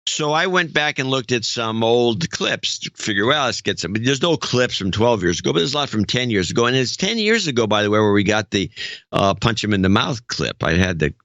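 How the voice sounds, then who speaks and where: A man co-hosting a podcast in casual chat, rambling and halting as he talks. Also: medium pitch, big pitch swings, a bit bright, no room sound. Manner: rambling, halting, with many restarts. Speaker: podcast co-host. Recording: dull, dry podcast audio.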